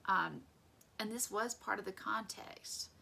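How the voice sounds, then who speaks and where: A young woman leads a casual Bible study and keeps it chatty and conversational. Her voice is bright with a gravelly, creaky edge. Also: mid-range voice, a little slow.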